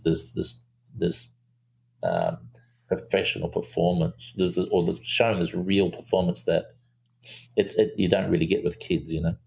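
A low, gravelly man tells a story in a relaxed interview. He talks animatedly, stops and restarts often, and jumps higher when he acts out what people said. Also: slight background noise. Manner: animated storyteller, acts out quotes in a raised voice, many fillers and restarts. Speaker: film director guest.

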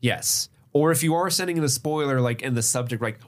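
A man's voice: mid-range voice, fairly quick. A man hosting a casual podcast, chatting about a show and reading out the announcements. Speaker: podcast host.

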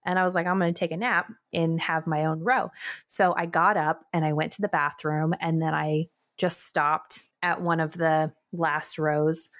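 A young woman telling a story as a podcast co-host, slightly low-pitched, with a lively, laughing delivery. She jumps into high, animated voices when she quotes people. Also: normal speed. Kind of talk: casual chat, storytelling.

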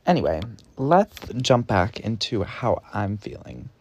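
Low-ish young guy on his podcast, campy and blunt, swears a lot, kind of spilling everything. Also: sing-song, unhurried, slight background noise. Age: young adult. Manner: candid, profane, campy. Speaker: podcast host. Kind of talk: confessional podcast monologue.

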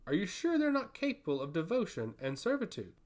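A man voicing a haughty woman, a forest priestess who speaks in a cold, measured and stern way. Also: high-pitched, wildly swooping pitch. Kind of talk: audiobook fantasy reading.

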